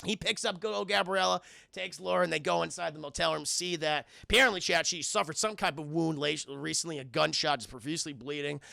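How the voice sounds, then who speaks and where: A man recapping a film casually to his stream chat, animated and profane, often repeating himself. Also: on the high side, brisk, creaky, no echo, studio quality.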